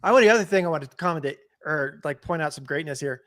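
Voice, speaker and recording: A man co-hosting a podcast, with a voice a little higher than most men's. He comments on a clip in a relaxed, observant, conversational way. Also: quick pace. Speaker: podcast co-host.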